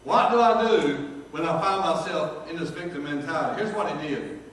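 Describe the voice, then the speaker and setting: A middle-aged man, preaching a folksy sermon in a storytelling manner and reading scripture slowly. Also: on the high side, a little hiss or hum. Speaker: pastor. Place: large church sanctuary. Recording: very echoey church hall from far off.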